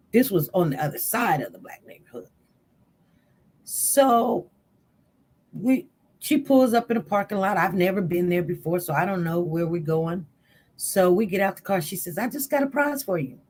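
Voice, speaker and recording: A woman telling her viewers a personal story, casually, acting out the people she quotes. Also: on the low side. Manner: chatty, animated retelling with quoted voices. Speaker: channel host.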